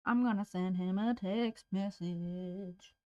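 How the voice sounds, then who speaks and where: A woman's voice: medium pitch, takes it slowly, darkish tone, no echo, lo-fi sound. A woman making real estate cold calls on a livestream, chatting casually and bluntly to herself in slangy language.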